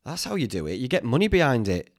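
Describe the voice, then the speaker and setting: A man's voice: mid-range voice, sing-song, quick pace, no echo. Male podcast host, casual rambling chat, self-deprecating, mid voice, dry studio sound. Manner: chatty, self-mocking, swears freely.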